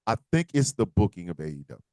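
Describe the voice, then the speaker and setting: A man's voice: fairly low pitch, big pitch swings, quick pace, dark tone, no room sound, studio quality. A man co-hosting a casual wrestling podcast, ranting with profanity and slipping into mock voices. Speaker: podcast co-host.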